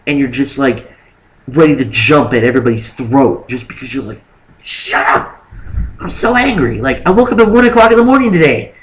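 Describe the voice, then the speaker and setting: A young man telling a story casually on his vlog, animated and rambling, with lots of "like" fillers. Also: mid-range voice, rough recording. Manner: acts out exaggerated quotes of himself and others. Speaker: vlogger.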